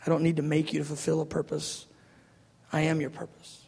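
A man voicing God as a calm, patient presence who speaks softly and gently. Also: a little high, brisk, gravelly, husky, pitched below the performer's own voice. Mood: gentle, calm. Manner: soft, quiet and patient.

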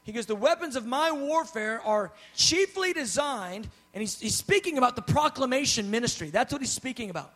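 A man's voice: extremely high pitch, expressive, brisk, hardly any pauses, fairly bright tone. A man preaching a sermon, retelling scripture in a conversational, acted-out way, dropping to a whisper for tender lines and building to emphatic preaching. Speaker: pastor.

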